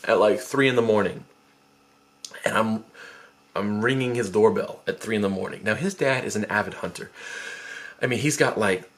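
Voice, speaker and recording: Young guy doing a storytime vlog, lively, gets loud and squeaky when he acts out yelling. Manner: animated, jumps high and loud when acting out his shouts.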